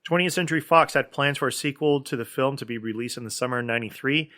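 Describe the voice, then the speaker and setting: A man co-hosting a film podcast in a loose, chatty way, full of "like" and restarts. His voice is bright and forward, and it rises with excitement when he reads out movie trivia. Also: medium pitch, fast talker. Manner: enthusiastic, filler-heavy, reads trivia aloud. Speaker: podcast co-host. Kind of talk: casual movie podcast chat.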